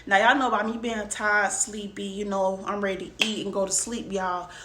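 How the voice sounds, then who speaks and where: A woman's voice: mid-range voice, little pitch movement, normal speed, fairly bright tone. A young woman vlogger casually telling a personal story, talking emphatically straight to her viewers. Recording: roomy room, faint background noise.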